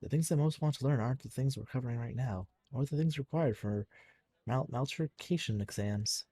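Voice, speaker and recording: Husky young man reading game narration. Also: medium pitch, fairly quick, warm tone, no echo. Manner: reads narration plainly, trips over words and restarts. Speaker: streamer reading a visual novel aloud. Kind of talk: casual live-stream game reading.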